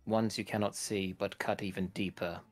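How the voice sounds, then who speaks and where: A stiff, clinical adventurer, voiced by a man, who hands out formal, dramatic advice in a tabletop role-play. His voice sits on the low side. Faint music plays behind. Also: fairly even intonation, moderate pace, close to an everyday voice.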